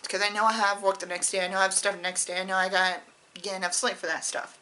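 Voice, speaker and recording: A woman's voice: mid-range voice, flat delivery, quick pace, pushed and bright, low-quality recording. A woman vlogger talking casually to her viewers in a rambling, candid, personal way. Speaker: beauty vlogger. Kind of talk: casual chat to camera.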